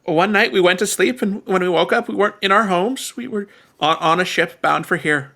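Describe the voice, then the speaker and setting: Scared little boy who stammers , voiced by a male game master; gravelly edge, a bit higher voice. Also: sharp tone, heavily acted. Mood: shaken. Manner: halting, stammering. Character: frightened young boy, an orphaned child. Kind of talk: tabletop role-play character voice.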